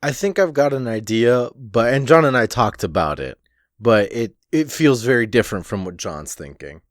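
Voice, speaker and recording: A man co-hosting a podcast in casual chat, relaxed and halting with many fillers. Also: medium pitch, no room sound, clean studio sound. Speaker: podcast co-host.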